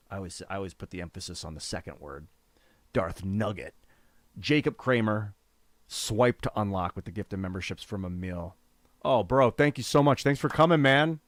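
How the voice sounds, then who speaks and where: A man commentating his own card game on a live stream, thinking aloud about his moves in a casual, profane way and getting excited when thanking viewers. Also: on the low side, moderate pace, dry recording. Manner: reads out donor names with rising excitement.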